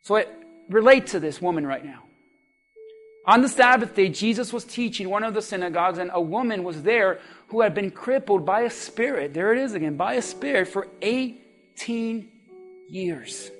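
A man's voice: high voice, animated, moderate pace, fairly bright tone, soft background music. A man preaching a sermon as pastor, fervent and exhorting his congregation.

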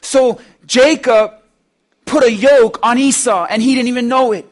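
A man with a very high voice for a man, preaching a sermon. He talks straight to his listeners. He stacks up repeated phrases to drive each point home. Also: a little slow. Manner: builds emphasis through repeated phrases; addresses listeners directly.

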